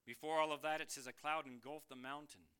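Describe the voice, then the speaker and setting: A man preaching a sermon, lively and questioning, reading scripture aloud and asking the congregation questions. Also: on the high side, fairly quick, clear, resonant tone. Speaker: pastor.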